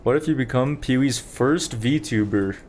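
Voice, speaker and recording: A man's voice: mid-range voice, measured pace, a little mellow, a little hiss or hum. A young man streaming a game, chatting casually and rambling to his viewers while he plays. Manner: chatty, rambling, talks to chat while playing. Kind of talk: casual gameplay commentary.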